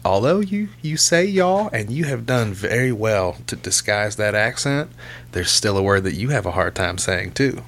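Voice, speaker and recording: Man, low-ish voice, animated storyteller, teasing, casual swearing. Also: moderate pace. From American South. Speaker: podcast guest. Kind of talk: casual podcast chat.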